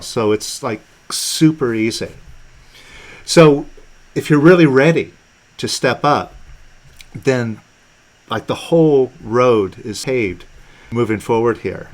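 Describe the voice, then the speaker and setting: Man, host of a live video call, easygoing talk, middle pitch, loose and chatty. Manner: relaxed, conversational, frequent fillers and restarts. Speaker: teacher hosting a live online session.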